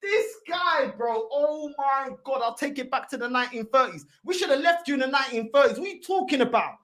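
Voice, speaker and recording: A high, wildly swinging woman's voice tears into a heated reaction rant. She shouts and swears in exasperated, slangy bursts. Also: expressive, a little fast. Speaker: fan channel host reacting to videos.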